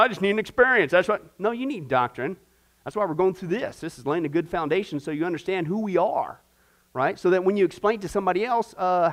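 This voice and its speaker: A middle-aged pastor leads a church class in a high, lively voice that swings all over. He keeps asking the room questions and answering them himself. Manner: animated, asks the class many questions. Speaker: pastor teaching a discipleship class. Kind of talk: informal church class teaching.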